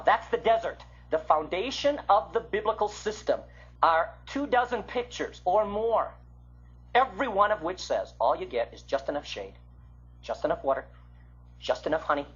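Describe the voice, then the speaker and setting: An older man from the Midwest giving an illustrated Bible lecture, with a husky voice that swings from loud to hushed. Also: fairly high pitch, big pitch swings, moderate pace. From American Midwest. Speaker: Bible teacher. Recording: muffled lo-fi recording.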